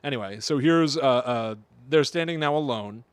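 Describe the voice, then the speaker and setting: A man's voice: medium pitch, normal speed, smooth, no echo. A man co-hosting a podcast, chatting casually and retelling a creepy story with playful asides. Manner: playful, laughs often, lively storytelling with acted quotes. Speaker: podcast co-host. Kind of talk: casual chat, reading a creepypasta.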